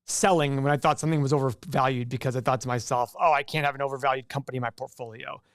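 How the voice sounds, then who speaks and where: A man's voice: medium pitch, steady tone, quick pace, no room sound, clean studio sound. A man hosting a casual investing livestream, chatting and joking with viewers and often restarting his sentences. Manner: chatty, jokey, self-interrupting. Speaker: livestream host.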